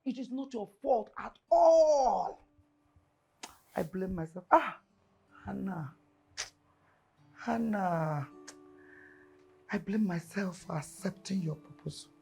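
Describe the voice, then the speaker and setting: An actress with a Nigerian accent playing a bitter wife who mocks and shouts at her sick, broke husband, with soft music under her. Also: lowish voice, slow, creaky, pauses often. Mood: contemptuous. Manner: shouting, mocking, scornful. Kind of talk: film drama acting.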